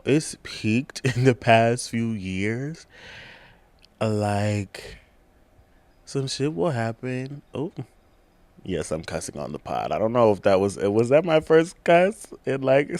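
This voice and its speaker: A young man hosting his own podcast in a casual, chatty, slangy way, laughing often and swinging from hushed to loud. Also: mid-range voice, dry recording. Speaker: podcast host. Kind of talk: casual solo podcast chat. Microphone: camera on a tripod.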